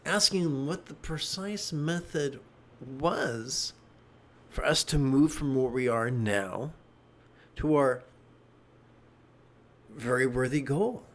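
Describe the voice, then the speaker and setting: A man's voice: mid-range voice, slow, pauses often. A middle-aged man giving a livestreamed meditation talk, a wry, joking storyteller. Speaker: meditation teacher.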